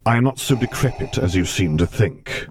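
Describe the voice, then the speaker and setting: A man's voice: lowish voice, expressive, moderate pace, darkish tone, natural voice. A man voicing a menacing, stern middle-aged Sith lord who speaks in clipped, formal commands.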